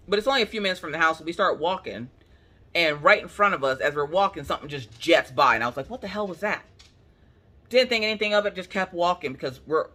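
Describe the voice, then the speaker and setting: A woman crafting-channel host from Pennsylvania, telling a story in casual chat, animated and colloquial, acting out what people said. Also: lowish voice. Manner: animated, colloquial, acts out quotes.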